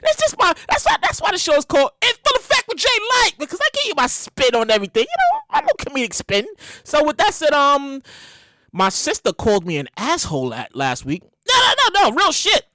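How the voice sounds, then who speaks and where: Loud animated Brooklyn woman podcaster. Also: sits high, fairly quick, dry recording. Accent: New York, Brooklyn. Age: late 30s. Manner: animated, loud, exclaiming and repeating herself. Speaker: podcast host. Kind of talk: solo comedic podcast monologue. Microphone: studio microphone.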